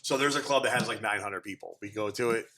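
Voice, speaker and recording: Animated man telling road stories. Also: lowish voice, fast. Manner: animated, swears freely, acts out quotes. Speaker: DJ guest. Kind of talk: casual storytelling interview. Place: indoor studio loft.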